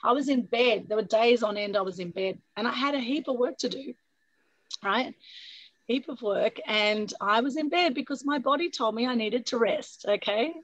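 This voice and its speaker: A woman with a husky voice hosting an online meetup, energetic and coaxing, often adding "right?" over a video call. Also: on the high side, normal speed, no room sound, dull audio. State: husky from a recent flu. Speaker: meetup host. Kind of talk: upbeat motivational talk on a video call.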